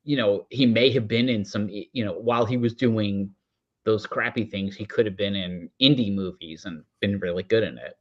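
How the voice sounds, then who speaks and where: A man's voice: lowish voice, moderate pace. Rambling man on a dull lo-fi line. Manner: rambling, lots of fillers and asides. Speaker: podcast guest. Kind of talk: casual film review chat.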